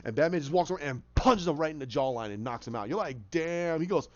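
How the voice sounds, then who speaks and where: Hyped guy telling his movie idea, goes dun dun and boom, kinda high voice, muffled audio. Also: fast. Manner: excitable, acts out scenes with sound effects. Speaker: fan pitching a film idea. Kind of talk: casual storytelling. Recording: muffled lo-fi recording.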